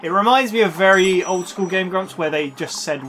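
Sweary young man, bright high voice. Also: brisk, slight background noise. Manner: sweary, laughing, storytelling. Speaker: let's play co-host. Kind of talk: casual gaming chat.

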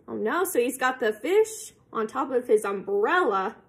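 A woman reading a picture book aloud to children, slow and expressive, pausing to ask her listeners questions. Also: a little high. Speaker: storybook reader.

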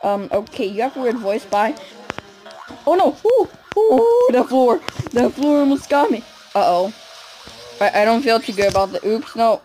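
A woman's voice: fairly high pitch, normal speed, a little mellow, faint music behind, poor audio. A woman hosting a gaming channel, giggling and cracking random jokes while she plays. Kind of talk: casual gameplay commentary.

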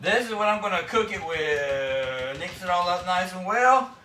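A bright-voiced Southern US man hosts a home cooking vlog with crude, rowdy humor. His voice rings around an echoey kitchen, heard from some distance off the mic. A faint hiss sits under the whole recording. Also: high-pitched, lively intonation, unhurried. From Florida, US. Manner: rowdy, crude joking, repeats "that's right, folks". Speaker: cooking video host.

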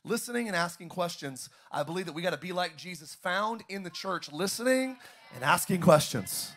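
A man's voice: sits high, fairly quick, sharp tone, soft background music. A young adult man, a pastor, preaching a sermon in a church auditorium and drawing call-and-response from the congregation.

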